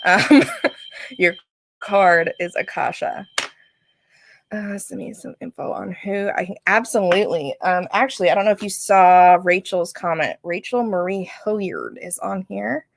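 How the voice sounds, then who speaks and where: A woman's voice: mid-range voice, animated, unhurried, creaky, a little hiss or hum. A woman giving a casual spiritual reading to a viewer on a livestream, chatty and laughing often, with lots of fillers and restarts. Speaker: psychic reader on a livestream. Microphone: livestream setup.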